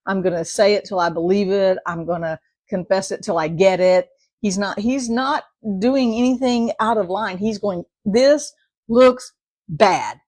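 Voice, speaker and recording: A woman's voice: mid-range voice, husky, no room sound. A middle-aged woman giving a casual devotional talk in a conversational way, often adding "right?" and acting out prayers in a quoted voice. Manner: warm conversational, with frequent "right?" asides and dramatic quoted prayers. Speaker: devotional speaker.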